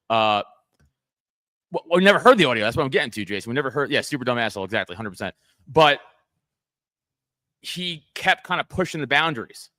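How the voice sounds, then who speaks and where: Fast, bright-voiced male podcast host. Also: medium pitch, dry recording, clean studio sound. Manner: animated, profane, tells stories with quoted voices. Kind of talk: casual podcast chat.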